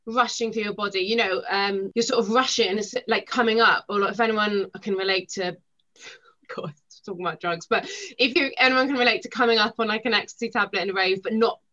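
A young woman, a podcast guest, talking quickly and animatedly, acting out the things people said. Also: medium pitch. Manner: rapid, animated storytelling with acted-out quotes. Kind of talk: podcast conversation. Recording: dull lo-fi sound.

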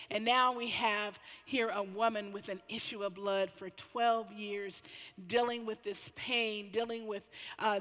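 A woman pastor preaching a sermon as animated storytelling, swelling to exclamations. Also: fairly high pitch, big-room sound.

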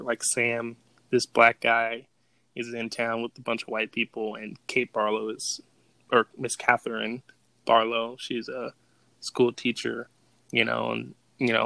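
A man with a gravelly, fry-heavy voice and a bright edge talks loosely on a podcast. He stays laid-back, swears freely and laughs easily while recapping scenes. The sound is close and dry. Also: mid-range voice, no echo. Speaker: podcast co-host. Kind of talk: casual chat.

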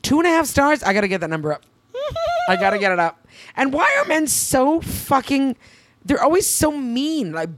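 Animated, jokey woman podcast co-host. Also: high voice, normal speed, no echo. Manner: jokey, self-deprecating, animated. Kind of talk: casual chat.

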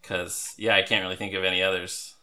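A man hosting a podcast in casual, chatty talk, quick to laugh. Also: low-pitched, level tone, pushed and bright. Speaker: podcast host. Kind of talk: casual chat.

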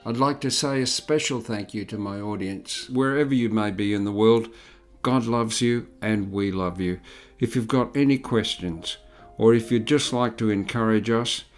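Man giving a calm closing announcement. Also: on the low side, moderate pace, faint music behind. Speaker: program announcer.

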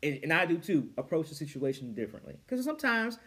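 A young man telling a story in a casual group chat, animated and profane. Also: on the high side, fast. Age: young adult.

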